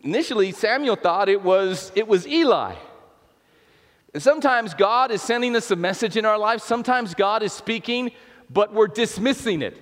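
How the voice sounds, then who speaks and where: A high-pitched male pastor preaches in a church sanctuary, keeping it chatty and often restarting his sentences. His voice rings out with the long reverb of a large hall. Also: animated, normal speed, fairly bright tone. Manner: conversational preaching with repeated restarts and playful asides. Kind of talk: sermon.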